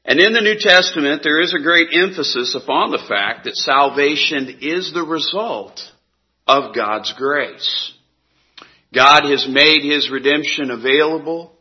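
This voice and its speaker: A man preaching a sermon in a slow, earnest way, his voice sinking soft on key words. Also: mid-range voice, highs cut off.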